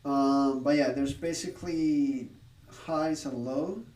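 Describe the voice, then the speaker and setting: A man streaming his study session, explaining his thoughts in a halting, self-correcting way. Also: medium pitch, a little mellow, roomy sound, far from the mic. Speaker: streamer learning a language.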